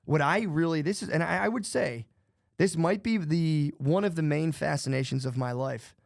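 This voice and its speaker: A man's voice: fairly high pitch, normal speed, vocal fry, no echo, studio quality. A man co-hosting a podcast in casual chat, rambling and profane, jittery from too much coffee. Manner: rambling, profane, restarts often. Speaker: podcast co-host.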